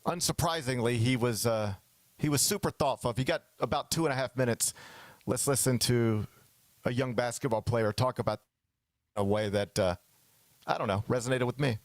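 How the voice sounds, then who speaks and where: A man's voice: medium pitch, normal speed. A male sports talk host with a mid-range voice chats casually and with energy. He keeps slipping into mock quotes of other people. The sound is dry and close, with no room echo.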